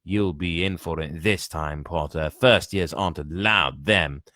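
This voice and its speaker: A man voicing a spiteful, jealous schoolboy rival who sneers slowly. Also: sits low, bright, forceful tone, dry recording, studio quality.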